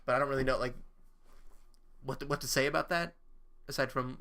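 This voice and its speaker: A young man chatting casually on a live stream, halting and self-questioning, swearing now and then. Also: medium pitch, steady tone, sharp tone.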